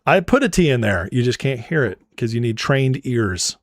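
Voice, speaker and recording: A man's voice: medium pitch, big pitch swings, normal speed, no room sound, clean studio sound. A man from Northern California hosting a livestream. He reads out viewer comments and answers them with playful, mock-indignant teasing. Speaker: livestream political commentary host. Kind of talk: casual livestream chat reading viewer comments.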